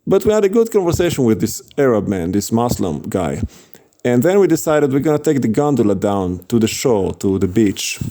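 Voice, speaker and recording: A man's voice: mid-range voice, sing-song, brisk, warm tone. A man casually telling a story about street preaching, chatty, with frequent laughs and fillers.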